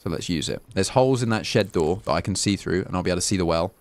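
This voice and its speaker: A young English man talks through a live game stream in a chatty, casual way, thanking donors and swearing freely. His pitch swings widely from low mutters to excited highs. The sound is close and dry. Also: fast, no room sound. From England. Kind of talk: live gameplay commentary.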